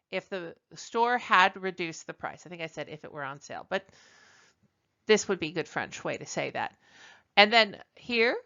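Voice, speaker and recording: A woman's voice: mid-range voice, bright, forceful tone, muffled recording. A woman teaching French from slides in a chatty way, correcting herself now and then and reading example sentences aloud. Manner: chatty, self-correcting, switches into read-out French. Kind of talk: slide lecture.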